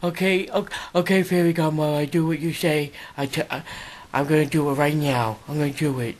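A man's voice: a little high, steady tone, a little fast, a little hiss or hum, lightly acted. A man voicing a sweet, simple-minded male sidekick who stammers like a child. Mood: eager.

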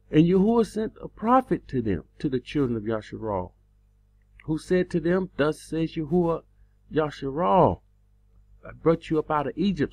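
A man teaching a sermon from scripture, reading verses aloud and repeating phrases for emphasis. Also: a little mellow. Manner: pitch rises sharply when emphatic. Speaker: preacher. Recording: dull lo-fi recording.

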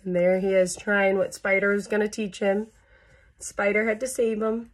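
A woman's voice: medium pitch, little pitch movement, normal speed. A woman reading a children's picture book aloud at storytime, adding playful sound effects and chatting to young listeners between pages.

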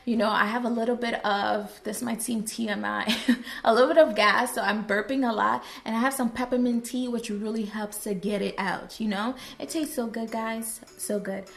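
A woman from Trinidad and Tobago chatting casually to her viewers in a vlog, animated and lively. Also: a little high, normal speed, creaky. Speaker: YouTuber. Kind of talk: casual vlog chat to camera.

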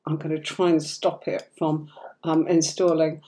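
A woman with a cold and a hoarse voice, hosting a live tarot stream and chatting affectionately while she sorts out the software. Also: low-pitched, level tone, unhurried.

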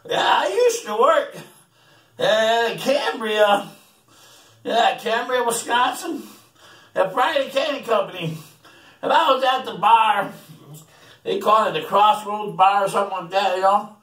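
A man rambles through a long joke in a relaxed, casual way, stumbling over repeated words and often breaking into chuckles. His voice runs fairly high. The sound is echoey and distant, with the mic some way off. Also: a little slow, pauses often. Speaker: joke teller.

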